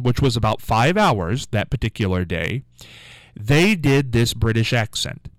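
A man's voice: medium pitch, dry recording, rough recording. A man hosting a local radio show, telling a rambling story in a chatty, casual way.

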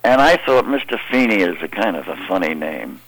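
An older man, an actor being interviewed, telling stories in a halting, meandering way. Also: deep voice, very animated, a bit bright, rough recording. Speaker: actor guest. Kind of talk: interview storytelling.

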